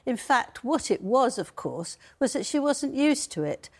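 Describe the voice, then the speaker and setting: A woman's voice: high voice, sing-song, a little slow. A woman commenting on a TV debate, firm and opinionated, with some hesitations. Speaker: royal commentator and biographer.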